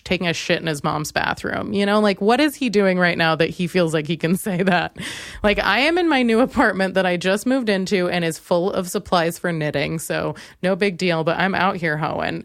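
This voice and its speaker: A young woman hosting a comedy podcast, telling a story with sarcastic, animated asides. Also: fairly low pitch, no echo, clean studio sound. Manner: sarcastic, animated, quotes others in mocking voices. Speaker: podcast host.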